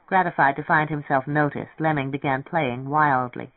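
Steady reader on a tinny radio line. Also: mid-range voice, moderate pace, no room sound. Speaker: narrator. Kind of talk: audiobook reading of a novel. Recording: tinny, dry radio broadcast.

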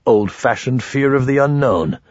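A man voicing an aging male wizard, a gruff and wary father who talks in low, terse mutters. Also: a little slow, no room sound, highs cut off, close to an everyday voice. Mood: gruff muttering.

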